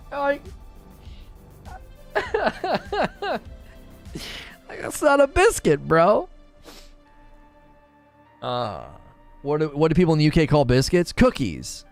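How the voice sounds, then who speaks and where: A man chatting casually on a live stream, joking, laughing often and slipping into mock British voices. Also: on the high side.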